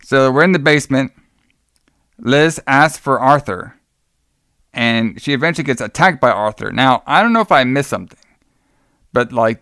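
A man recapping a film in a loose, rambling way, peppered with "like" and the occasional curse. His voice is smooth and resonant. It is recorded close in a dry room. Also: medium pitch, fairly bright tone, dry recording. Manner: rambling, profane, lots of "like". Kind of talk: casual movie recap.

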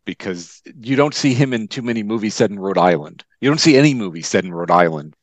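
Man, low voice, guest writer, talkative, dry close recording. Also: lively intonation, fast, dry recording. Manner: talkative, explains at length with fillers. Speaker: guest author. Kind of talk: casual chat.

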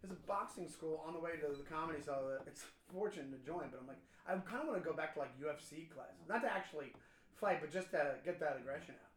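A man co-hosting a podcast, telling a story in casual chat, animated and swearing as he acts out what people said. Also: fairly high pitch, fast talker, roomy sound. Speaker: podcast co-host, comedian.

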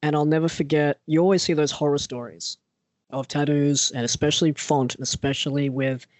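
A man telling a personal story in casual chat as a podcast co-host, animated and acting out the people he quotes. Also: on the high side, brisk, dry recording. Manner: animated, acts out quoted voices.

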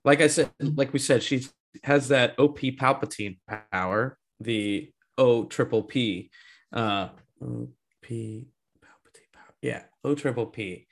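A man co-hosting a casual movie discussion podcast, animated and laughing often as he acts out scenes. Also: mid-range voice, a little slow. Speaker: podcast co-host.

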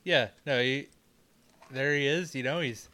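A man casually recapping a horror film with a co-host, profane and animated, slipping into silly voices for the characters. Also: medium pitch, unhurried. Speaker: podcast co-host. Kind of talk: casual movie recap chat.

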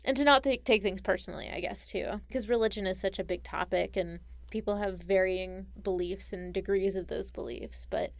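A woman co-host in casual chat, wry and conversational with easy laughter. Her mid-pitched voice is recorded close and dry. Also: fairly even intonation, moderate pace, few pauses, no room sound. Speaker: podcast co-host.

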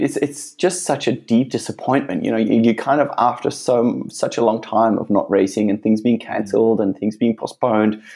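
Gravelly low-voiced man, rambling. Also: mellow. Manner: laughing, rambling, many restarts. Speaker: guest athlete. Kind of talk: casual interview chat.

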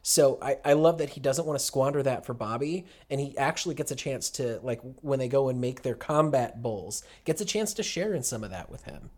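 A man's voice: mid-range voice, expressive, a little fast, few pauses, darkish tone. A man co-hosting a casual podcast chat about a cartoon, talking with gushing enthusiasm. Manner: gushing, enthusiastic, many restarts. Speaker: podcast co-host.

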